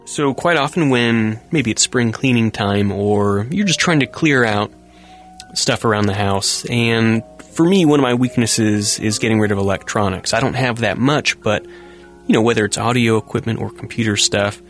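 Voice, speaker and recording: A man's voice: fairly low pitch, moderate pace, soft background music. A man hosting a talk show, commenting casually on news items with a rambling, self-correcting manner and frequent chuckles. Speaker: host.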